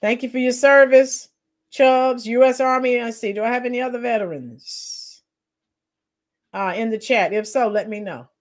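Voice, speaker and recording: A woman talking casually on a live stream, her voice a little high for a woman. She reacts to clips with sarcasm and mockery and keeps calling out to her chat. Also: moderate pace. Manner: sarcastic, mocking, chatty with viewers.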